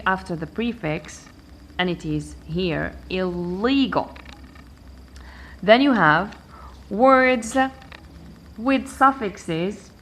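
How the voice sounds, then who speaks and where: A woman teaching an English pronunciation lesson, counting syllables aloud slowly and deliberately. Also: medium pitch, a bit bright, a little hiss or hum. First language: Arabic.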